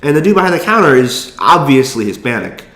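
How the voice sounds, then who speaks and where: A man's voice: medium pitch, big pitch swings, a bit bright, soft background music. Young man rambling in an echoey room. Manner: rambling, profane, quick asides and restarts. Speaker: vlogger. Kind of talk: casual storytelling monologue.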